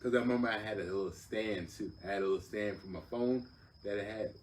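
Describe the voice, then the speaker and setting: Guy telling a wild story, lots of cursing, low voice, kinda far from the mic. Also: fast, a little hiss or hum. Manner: animated, profane, acts out other voices. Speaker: podcast guest, older brother. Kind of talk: casual storytelling.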